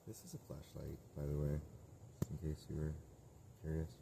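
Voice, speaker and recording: A man's voice: a bass voice, completely flat delivery, moderate pace, gravelly, noisy background. A man talking casually to camera outdoors, rambling through tangents with frequent restarts and laughs. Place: outdoors at a tent camp.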